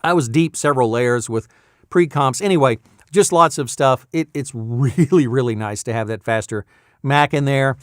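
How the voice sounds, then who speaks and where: A man's voice: mid-range voice, moderate pace, no room sound, clean studio sound. A man who works as a voice actor, chatting casually in a rambling, self-amused way and getting sidetracked easily. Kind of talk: casual talking-head vlog.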